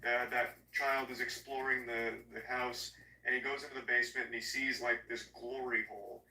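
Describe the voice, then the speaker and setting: A man recapping a horror movie in a casual, comedic, profane way, sarcastic and animated. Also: medium pitch, moderate pace, distant mic. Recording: echoey room, voice off-mic.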